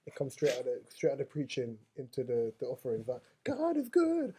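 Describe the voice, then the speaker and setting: A London man talking quickly and easily in a relaxed podcast chat. He steers the talk along with a joking edge, and his pitch sits in a middle range. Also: breathy edge. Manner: joking, leads topics. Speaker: podcast co-host. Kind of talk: casual chat.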